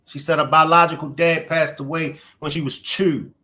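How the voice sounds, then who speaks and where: A man's voice: fairly high pitch, flat delivery, moderate pace, hardly any pauses, pushed and bright. Emotional man commenting on a live stream. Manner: emotional, reacting to clips and chat.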